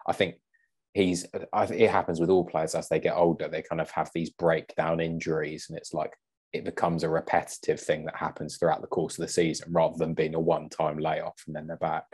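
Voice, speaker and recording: A man as a guest on a casual podcast, measured and thinking aloud. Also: very deep voice, little pitch movement, darkish tone, slightly rough.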